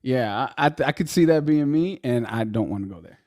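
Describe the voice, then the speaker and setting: Animated, profane young man telling stories. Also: mid-range voice, brisk. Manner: profane storytelling, animated, laughs often. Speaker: podcast co-host. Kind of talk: casual chat.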